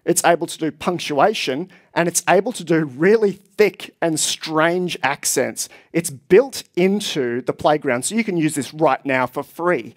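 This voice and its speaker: A man with a fairly high voice speaks at a moderate pace as he presents at a tech conference. He explains things enthusiastically to a live audience in a conference hall.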